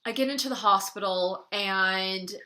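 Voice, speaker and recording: A young woman speaks into her camera in an easy, confiding story-time style, her voice bright and crisp. She talks loosely and keeps slipping "like" into her sentences. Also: medium pitch, a little slow. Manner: chatty, frequent "like", wry laughs between lines. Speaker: beauty vlogger telling a personal story. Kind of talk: casual story-time monologue.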